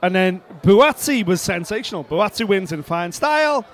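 A man co-hosting a podcast, telling a rambling, excitable story from arena seats at a boxing event. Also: sits high, normal speed, a crowd in the background. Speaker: podcast co-host. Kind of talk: casual storytelling.

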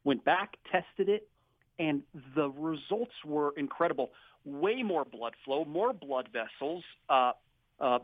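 A man making an upbeat sponsor pitch in a slightly high voice, coming through a thin, tinny phone-like line. The sound is dry and boxed in, with no room around him. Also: no room sound. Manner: upbeat, salesy. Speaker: clinic representative, sponsor guest. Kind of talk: sponsor pitch on a radio show.

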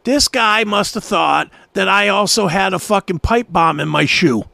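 A man's voice: sits high, moderate pace, gravelly, bright, forceful tone, dry recording, studio quality. A man telling a heated, profane story in casual podcast chat. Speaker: podcast guest.

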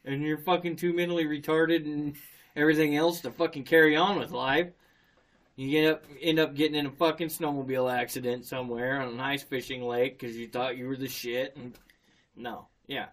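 A man telling a rowdy story in casual conversation, swearing constantly and breaking into laughter. His voice sits at an ordinary middle pitch. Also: moderate pace. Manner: profane animated storyteller, laughs often. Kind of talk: casual chat.

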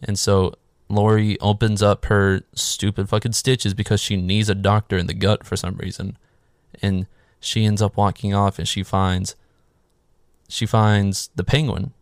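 A man's voice: on the low side, little pitch movement, measured pace, no room sound, clean studio sound. A man casually recapping a horror movie in a sarcastic, swearing, offhand way. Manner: sarcastic, swears freely, filler "like".

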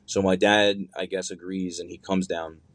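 A young man with a low voice tells a personal story in a relaxed, chatty way, leaning on fillers and casual slang. His voice is recorded dry and close, with no room sound. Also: normal speed, no echo. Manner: loose and conversational, heavy on fillers and slang.

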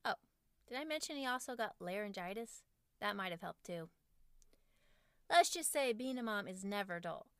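Wry, smooth-voiced mother reading aloud. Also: mid-range voice, animated, normal speed, pauses often, dry recording, studio quality. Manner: wry, self-mocking humor. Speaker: podcast host and author. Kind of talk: reading her own parenting book aloud.

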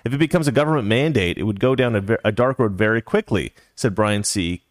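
A man's voice: lowish voice, fast talker, dry recording, studio quality. Sarcastic, heated male podcast co-host. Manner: sarcastic, heated, mock-serious. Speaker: co-host reading news stories. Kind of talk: casual political commentary.

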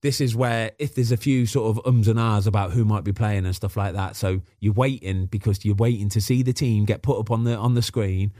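A man's voice: lowish voice, steady tone, brisk, few pauses, mellow, dry recording, clean studio sound. A man in casual podcast chat, telling stories about football and acting out what people said. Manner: chatty storyteller, acts out quotes. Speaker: former footballer guest.

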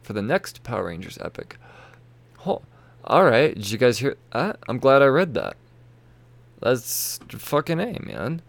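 Man, solo podcast host, gravelly voice, animated pitch, tired, rambling and profane. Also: unhurried, no echo. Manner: rambling, profane, self-interrupting. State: tired, yawning. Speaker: comic book podcast host. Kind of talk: casual solo podcast chat. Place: home room with toy shelves behind.

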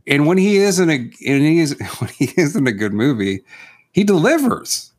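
A man co-hosting a podcast, chatting casually about movies in a quick, teasing way. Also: a little high, very animated. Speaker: podcast co-host.

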